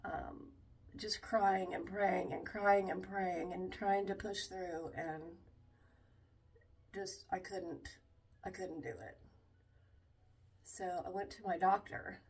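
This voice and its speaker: A middle-aged woman vlogging candidly about her struggles, halting and emotional, with many restarts. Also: medium pitch, darkish tone, recorded from a distance. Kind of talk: candid personal vlog talk.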